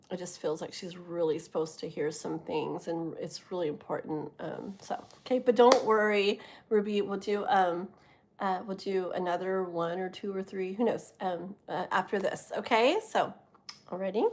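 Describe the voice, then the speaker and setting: A woman's voice: fairly low pitch, fairly even intonation, normal speed. A middle-aged woman hosting a live tarot stream, chatting casually with viewers in a rambling way with many fillers. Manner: chatty, rambling, lots of fillers, laughs often.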